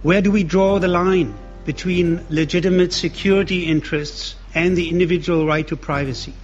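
A man's voice: high-pitched, steady tone, moderate pace, soft background music. A man giving a formal speech as an ambassador, posing questions. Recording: dull lo-fi clip.

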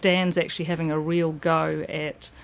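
A woman's voice: low-pitched, level tone, moderate pace, gravelly, a little hiss or hum. A woman, a bookshop owner talking enthusiastically about the books she sells. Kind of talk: recorded interview clip.

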